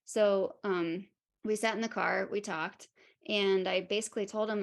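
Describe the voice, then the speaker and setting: A woman's voice: mid-range voice, fairly even intonation, unhurried, creaky. A woman speaking as a podcast guest, telling a personal story openly and frankly, laughing at herself and acting out what other people said.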